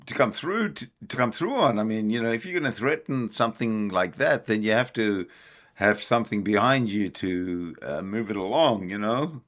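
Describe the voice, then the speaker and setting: A man commenting on a video clip, mocking and laughing, halting with fillers. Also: lowish voice, fairly bright tone. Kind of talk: reaction commentary.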